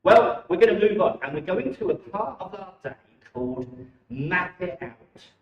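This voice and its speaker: A man with a slightly high, lively voice leads a children's holiday club, upbeat and enthusiastic. He sounds distant and dull, as if picked up from across a very echoey church hall. The live-stream sound is muffled. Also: normal speed.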